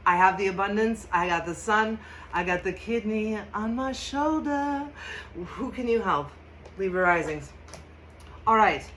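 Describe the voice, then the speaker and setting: A woman's voice: mid-range voice, a bit bright, a little hiss or hum. A woman giving a casual, enthusiastic tarot and astrology reading, talking emphatically, swearing freely and laughing often. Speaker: tarot reader.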